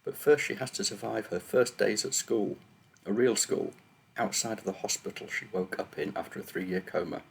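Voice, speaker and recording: A man with a low, gravelly, slightly husky voice reads his own story aloud to a camera. He opens with nervous, self-deprecating chat before settling into steady narration. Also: moderate pace. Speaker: author reading own book. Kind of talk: book reading on video.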